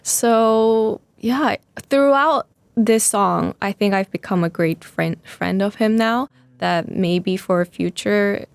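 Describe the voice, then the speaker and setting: A young woman speaking as an interview guest, soft-spoken and halting, searching for her words. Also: mid-range voice, gravelly, clean tone, no room sound. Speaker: musician guest. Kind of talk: casual interview chat.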